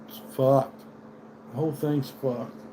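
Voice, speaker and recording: A man's voice: mid-range voice, steady tone, slow pace, mellow, a little hiss or hum. American male livestream host, mid-range voice, rambling profane rant. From United States.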